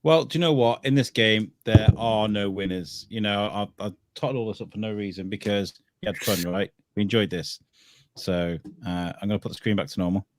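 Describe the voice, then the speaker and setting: A man's voice: on the low side, steady tone, brisk. A man hosting a podcast livestream, upbeat and playful like a quiz-master. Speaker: podcast host. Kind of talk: casual livestream chat.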